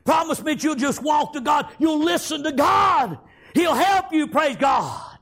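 A fervent old grandfather preaches to a small boy, his husky voice pitched high and breaking into shouted praise, as a preacher acts him out in a sermon. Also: unhurried, exaggerated voice.

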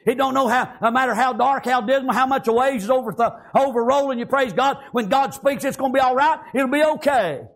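A man preaching in a fervent drawl, his voice sitting unusually high. He strings his sentences together with constant amens and praise Gods. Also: a little fast, few pauses. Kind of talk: sermon.

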